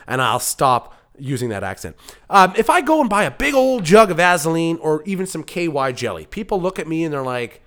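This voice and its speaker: A man's voice: a little high, animated, a little fast, fairly bright tone, faint music behind. A man from Canada hosting his own comedy podcast alone, rambling through jokey digressions and interrupting himself. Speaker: podcast host and producer.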